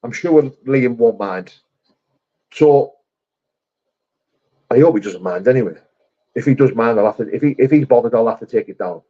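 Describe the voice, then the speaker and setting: Speaking at a medium pitch and a moderate pace with frequent pauses, a middle-aged Englishman handles his livestream chat in a casual way. He answers comments bluntly, calling people mate and brother, over a muffled recording.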